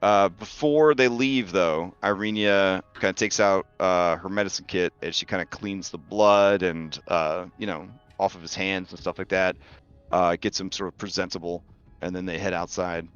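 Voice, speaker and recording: A man narrating a tabletop game as game master, slow and halting with many fillers. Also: deep voice, steady tone, fairly bright tone, clear, resonant tone, lo-fi sound, soft background music.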